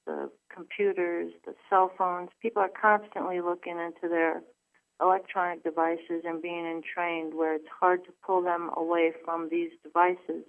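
Woman guest, earnest storyteller over a tinny phone line, lowish pitch. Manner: earnest storytelling with frequent restarts. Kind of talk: telling a personal story.

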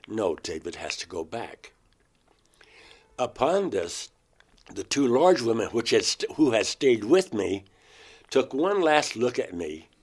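A man recounting a personal experience in an interview, in a halting, emotional way. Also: fairly low pitch.

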